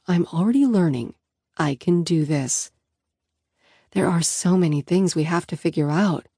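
A woman reads a novel aloud in the first person with an intimate, reflective manner. Her voice is fairly low and warm. The recording is close and dry, with no room sound. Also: dry recording. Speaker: audiobook narrator.

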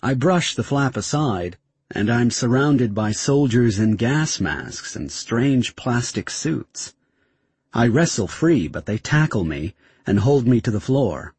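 Husky, dry-sounding male narrator for a tense first-person story. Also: medium pitch, animated, takes it slowly, a little mellow, no room sound. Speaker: audiobook narrator.

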